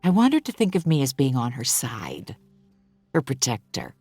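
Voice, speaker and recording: A woman narrating a novel in the first person in a measured, expressive way. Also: very deep voice, breathy edge, no room sound, faint music behind. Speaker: audiobook narrator.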